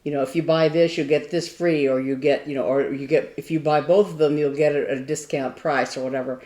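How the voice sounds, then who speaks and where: A woman's voice: sits low, steady tone, brisk, warm tone. A woman co-hosting a casual crafting chat, telling a rambling anecdote from an old job. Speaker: podcast co-host. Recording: roomy echo.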